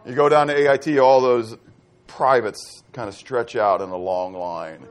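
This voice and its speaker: A man's voice: mid-range voice, fairly even intonation, normal speed. A middle-aged man from Pittsburgh preaching a sermon as pastor, quizzing his congregation with fill-in-the-blank questions. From Pittsburgh, USA.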